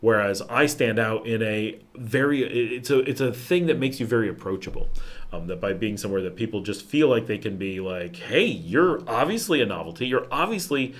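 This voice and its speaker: A man from the United States with a fairly low-pitched voice hosts a casual live question-and-answer stream. He rambles easily from point to point, with many fillers and self-corrections, and his voice sinks quieter at the ends of phrases. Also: fairly quick. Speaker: livestream host answering viewer questions.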